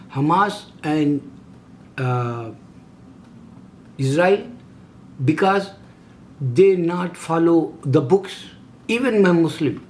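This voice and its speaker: A man's voice: a little high, darkish tone, slight background noise. A middle-aged man speaking broken English in an impassioned religious monologue, hammering repeated rhetorical questions. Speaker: video host.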